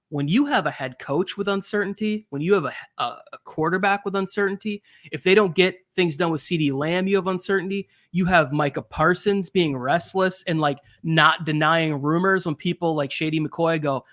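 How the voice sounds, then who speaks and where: Male podcast co-host, high voice, animated casual sports chat. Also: normal speed. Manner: animated, acts out quotes.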